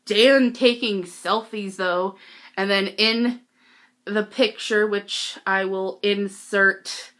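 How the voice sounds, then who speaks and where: A teenage girl vlogging, telling a story casually, giggly and excitable with lots of "like". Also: mid-range voice, slow.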